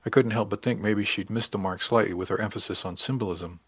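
A man narrating a first-person science fiction story in an even, wry storytelling manner. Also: on the low side, fast, breathy edge, dry recording. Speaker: audiobook narrator.

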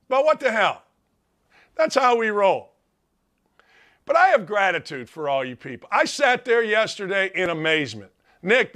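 A man's voice: high-pitched, pushed and bright. A middle-aged man hosting a sports talk show, pouring out heartfelt, emphatic thanks while tearful. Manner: heartfelt, emphatic, repetitive gratitude. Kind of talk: emotional monologue.

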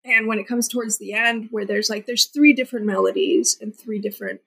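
A woman's voice: medium pitch, steady tone, a little fast, creaky, a bit bright, breathy edge, poor audio. A young woman singer-songwriter chatting casually as an interview guest, with lots of "like" fillers. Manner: chatty, many "like" fillers, laughs often.

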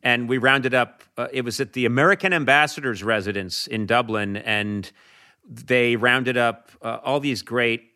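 Bright, animated male podcast guest. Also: moderate pace, clean tone. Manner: animated, swoops high for comic emphasis. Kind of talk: casual chat, storytelling.

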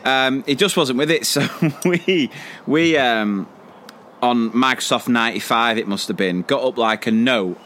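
A man's voice: medium pitch, unhurried, fairly bright tone, a little hiss or hum. A man co-hosting a podcast, telling a school story in casual chat, rambling with many fillers and frequent laughs. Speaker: podcast co-host.

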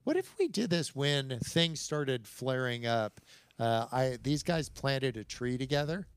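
Brief: middle-aged man, animated storyteller with a gravelly edge, dry close mic. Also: mid-range voice, measured pace, dry recording. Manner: animated storyteller, acts out quoted dialogue, chuckles between lines. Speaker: podcast guest. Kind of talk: storytelling in casual conversation.

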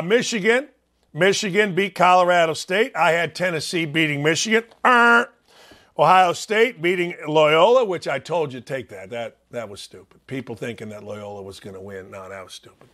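A man with a Chicago accent hosts a sports talk show, and his voice sits high for a man. He talks bluntly and brashly, and he is quick to poke fun at himself. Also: fairly bright tone. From Northwest Indiana. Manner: blunt, brash, self-mocking. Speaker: sports radio host.

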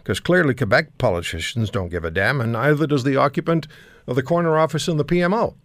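A man's voice: medium pitch, fast, no room sound. Blunt male talk show host, dry studio. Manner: blunt, thinks aloud with fillers. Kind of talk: hosting a political panel.

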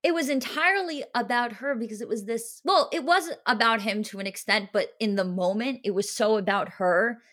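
A woman's voice: fairly high pitch, normal speed, few pauses, a bit bright. A young woman co-hosting a podcast, telling a story in an emotional, gushing way with lots of filler words. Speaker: podcast co-host. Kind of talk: casual chat.

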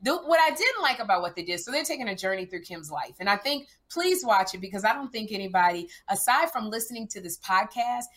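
A woman co-hosting a podcast in casual chat, an animated storyteller who jumps into high, loud voices when acting out scenes. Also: quick pace, hardly any pauses. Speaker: podcast co-host.

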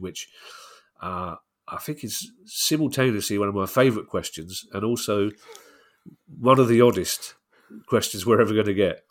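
Congested man with a cold, wry. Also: lowish voice. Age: middle-aged. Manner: wry, teasing, laughs easily. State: bunged up with a cold. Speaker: podcast co-host. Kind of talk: casual podcast chat.

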